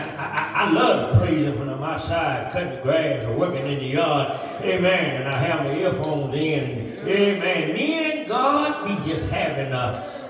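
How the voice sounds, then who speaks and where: A man with a Southern American accent preaching a call-and-response sermon in a church, repeating phrases, chuckling and building up to shouts. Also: a little high. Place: church sanctuary. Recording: echoey church hall from far off.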